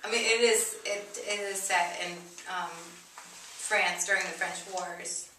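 A woman's voice: fairly low pitch, fairly even intonation, slow, pushed and bright, distant mic. A woman playing a ditzy actor at an audition, chatty and rambling, a little off mic. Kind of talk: comedy sketch acting. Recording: echoey room a bit off mic, faint noise.

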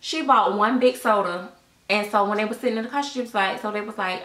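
A woman's voice: medium pitch, a little fast, fairly bright tone. A middle-aged woman telling a casual storytime at home, chatty and sassy, with a sound recorded in an echoey room. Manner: chatty, sassy, acts out voices in quotes.

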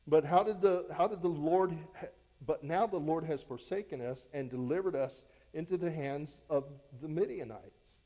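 A man's voice: on the high side, moderate pace, warm tone, muffled recording. A man preaching a verse-by-verse sermon as a pastor, fervent and exhorting, conversational with frequent restarts. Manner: fervent, exhorting, voice rises when fired up.

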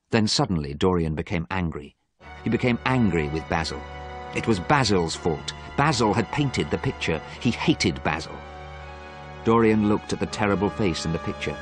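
A man narrating a graded story in a steady, clear storytelling manner. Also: low-pitched, normal speed, soft background music.

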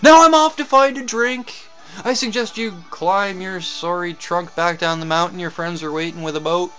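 A man's voice: high-pitched, steady tone, moderate pace, bright, forceful tone, faint music behind, pitched below the performer's own voice. A man voicing a hard-drinking, brash male pasta deity who talks with exasperated swagger. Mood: preachy.

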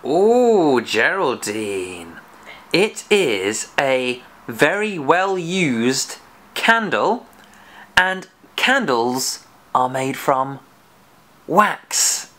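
A man hosting a children's phonics lesson with a puppet, encouraging and praising as he sounds out letters slowly and clearly. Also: medium pitch, sing-song, sharp tone. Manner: encouraging, praising and playfully scolding; slow and exaggerated, sounding out letters. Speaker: phonics teacher and host.

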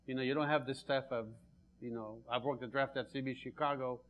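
A man on a marketing panel gives firm, practical advice after a few halting starts. His voice sits at a middle pitch and the recording sounds a little dull. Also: fairly even intonation. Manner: confident advice-giving, hesitant starts. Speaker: panelist, agency executive. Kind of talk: panel discussion.

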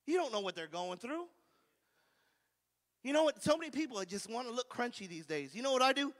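Guy pastor preaching hard, bright sharp voice, keeps asking for amens, big hall echo. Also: very high-pitched, animated, a little fast. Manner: fervent call-and-response preaching, asks for amens. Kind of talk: sermon.

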